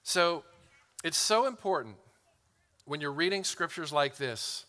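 Bright, clear-voiced male pastor preaching. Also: fairly high pitch, expressive. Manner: earnest, repeats words when starting phrases, slows down to read scripture. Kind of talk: sermon.

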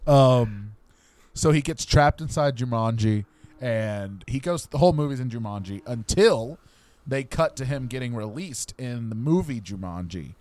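A man's voice: mid-range voice, lively intonation, measured pace, a little mellow. A young man co-hosting a podcast in casual comedic chat, playfully spinning a made-up story. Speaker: podcast co-host.

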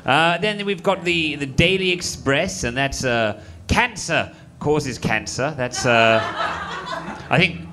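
A man's voice: fairly high pitch, lively intonation, takes it slowly, bright, forceful tone, a little hiss or hum, exaggerated voice. A man playing a dim-witted, bumbling newspaper man who hesitates and fumbles, in an improvised comedy.

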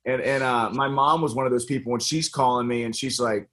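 A man's voice: mid-range voice, fairly even intonation, fast, hardly any pauses, fairly bright tone. A middle-aged American man speaking earnestly in a casual interview as a congressional candidate, with many fillers and restarts. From United States.

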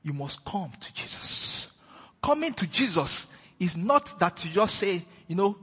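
A man preaching a sermon, emphatic, moving between loud declarations and hushed retellings of scripture. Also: sits high, very animated, a little slow, husky. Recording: long hall reverb.

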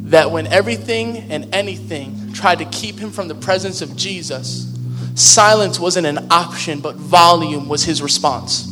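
A man's voice: a little high, measured pace. A man, a pastor, preaching a sermon in a conversational, humorous way in a large church hall. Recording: long hall reverb with faint music.

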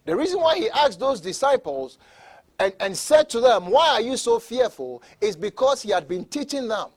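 A male pastor preaching a sermon, often repeating words and restarting, moving from soft asides to loud emphatic declarations. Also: very high-pitched, big pitch swings, moderate pace. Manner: repeats words, stammering restarts, laughs between points.

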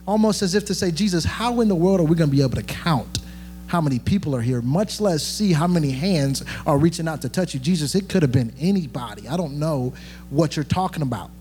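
A man's voice: on the high side, expressive, fairly quick, a little mellow, big-room sound, slight background noise. A young man preaching a sermon as pastor, conversational and joking, with many fillers and restarts.

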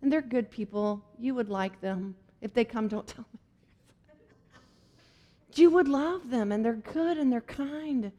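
A woman's voice: on the high side, slow pace, long pauses, dark tone, long reverb tail, dull audio. A woman preaching a sermon in an earnest, conversational way with playful asides.

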